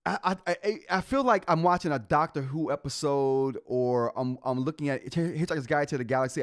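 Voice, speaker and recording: A man hosting a live tech stream in a casual, chatty way. He reads through software notes and answers the chat, his pitch rising and falling a lot. The sound is dry and close, with no room echo. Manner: reads update notes aloud and reacts to chat. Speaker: tech show host.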